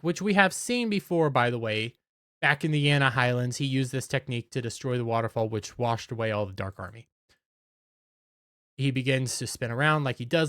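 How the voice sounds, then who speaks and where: A man's voice: mid-range voice, a bit bright, dry recording, studio quality. A man giving a casual, enthusiastic episode recap as an anime reviewer, often stumbling over his words.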